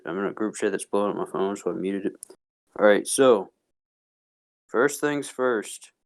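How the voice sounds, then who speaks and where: A man co-hosting a casual wrestling podcast, playful and joking. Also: lowish voice. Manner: animated, playful jokester. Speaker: podcast co-host.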